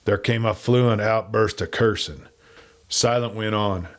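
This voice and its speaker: A man reading a western novel aloud in steady storytelling narration. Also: lowish voice, a little slow. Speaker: audiobook narrator.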